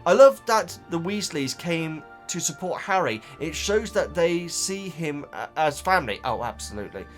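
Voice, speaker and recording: A man's voice: on the high side, lively intonation, normal speed, faint music behind. A man chatting casually as a YouTube reactor, reading out viewer comments and rambling, often stumbling over repeated words. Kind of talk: casual chat.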